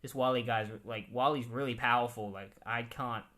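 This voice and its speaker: A man quoting a calm, world-weary male bounty hunter in a lower, subdued voice. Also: moderate pace, natural voice. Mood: shaken.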